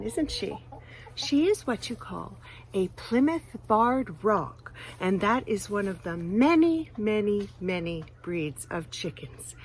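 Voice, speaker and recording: A woman from Canada hosts a children's chicken-care lesson on a farm, talking gently and softly to her hens as she teaches. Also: on the high side, slight background noise. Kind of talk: friendly teaching presentation for children. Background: music.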